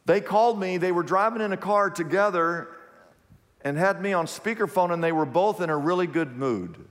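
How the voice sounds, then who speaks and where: A man preaching a sermon as a pastor, telling stories in an animated way and repeating his phrases. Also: high-pitched, moderate pace, big-room sound. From Kansas, USA.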